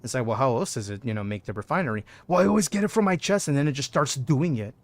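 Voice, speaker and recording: Excitable man streaming a game. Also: mid-range voice, quick pace. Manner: excitable, chatty, keeps saying "dude"; reads out and answers chat messages. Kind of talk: casual live gameplay commentary.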